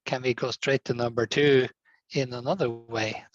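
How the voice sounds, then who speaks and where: A man in a discussion group asks a question over a video call, thinking it through aloud with some hesitation. His voice sits in an ordinary middle pitch. The sound is dry and close. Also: fairly even intonation, normal speed, no echo, muffled recording. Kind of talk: asking a question.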